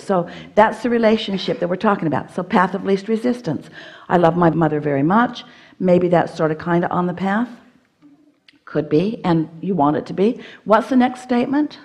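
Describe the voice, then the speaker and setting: A woman's voice: medium pitch, a little mellow. Woman coaching an audience member live. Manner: coaching, firm and playful. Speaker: seminar speaker answering an audience member. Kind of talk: live seminar teaching, speaking as "we".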